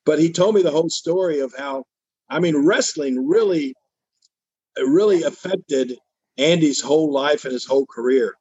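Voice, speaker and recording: A man's voice: fairly high pitch, moderate pace, darkish tone, breathy edge, lo-fi sound. An older man telling a long story in a casual interview, acting out the voices of the people he quotes. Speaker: interview guest.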